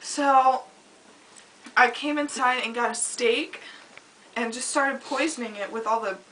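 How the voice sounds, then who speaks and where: A young woman chatting casually on a home video, telling stories with lots of giggling and loud acted-out quotes. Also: on the high side, measured pace, recorded from a distance, low-quality recording. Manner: giggly storytelling, acts out quoted lines loudly. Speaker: vlogger. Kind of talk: casual chat.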